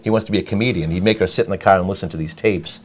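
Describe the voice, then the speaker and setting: A man's voice: low-pitched, very fast. A middle-aged man telling a rambling story in casual chat, full of restarts and asides. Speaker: guest storyteller.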